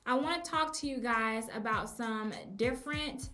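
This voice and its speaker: A woman's voice: fairly high pitch, normal speed, bright, forceful tone, soft background music. A young woman hosting a casual advice podcast as a teacher, chatting and acting out phrases emphatically.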